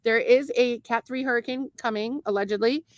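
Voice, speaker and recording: A woman's voice: a little high, fairly even intonation, fairly quick, no echo. A woman co-hosting a casual podcast, laughing often and swearing freely while she reads out viewer comments. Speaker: podcast co-host.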